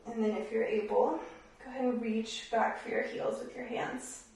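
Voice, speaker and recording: A woman yoga instructor guiding a class, giving calm, encouraging cues paced with the breath. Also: on the high side, moderate pace, far from the mic. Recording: very echoey room, voice from off the mic.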